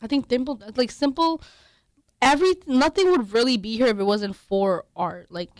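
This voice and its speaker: A woman's voice: fairly high pitch, normal speed, no room sound, studio quality. A woman co-hosting a casual chat, talking hesitantly with many restarts and ums. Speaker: podcast co-host.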